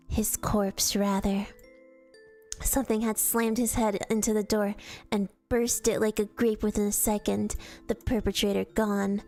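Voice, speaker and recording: A woman reads a fan story aloud to her stream, her voice sitting at an ordinary middle pitch. She tells it in a storytelling manner, now and then tripping over a word and starting again. Quiet music plays faintly behind her. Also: little pitch movement, unhurried. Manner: storytelling read-aloud with casual slips and restarts. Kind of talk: reading fanfiction aloud on stream.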